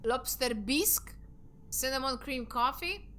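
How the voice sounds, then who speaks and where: A woman's voice: high voice, a little slow, sharp tone, a little hiss or hum. A young woman streaming a game, chatting casually in a rambling way and swearing offhandedly. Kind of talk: casual live-stream chat while gaming.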